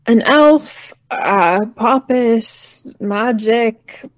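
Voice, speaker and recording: A woman's voice: a little high, expressive, dry recording. A woman takes her turn in a tabletop role-playing game, her speech hesitant and apologetic with frequent restarts. The sound is dry and close, with no room around it. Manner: nervous, apologetic, halting in character. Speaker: player.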